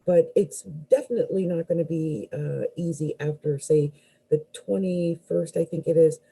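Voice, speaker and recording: Woman, astrologer, live tarot reading, dark husky voice, hesitant, musing, surprised exclamations. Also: deep voice, fairly even intonation, normal speed, poor audio. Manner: musing, hesitant, with many fillers and restarts; exclaims with surprise as cards fall out.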